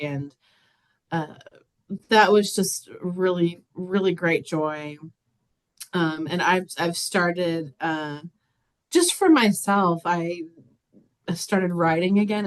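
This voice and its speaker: A young woman with a lowish voice speaks casually in a small group. She talks quickly and gently, with many likes and ums. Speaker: church member sharing.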